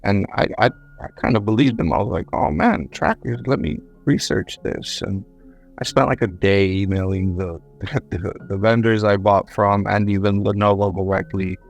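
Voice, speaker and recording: Man, low voice, casual storyteller who trips over his words, faint music underneath. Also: steady tone, normal speed. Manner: rambling, self-correcting, repeats words. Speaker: guest, government contractor. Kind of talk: conversational storytelling.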